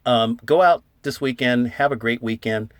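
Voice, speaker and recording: A man's voice: medium pitch, moderate pace, dry recording. A man hosting a casual vlog, telling a jokey made-up story and laughing as he acts out the dialogue. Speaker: silver stacking channel host.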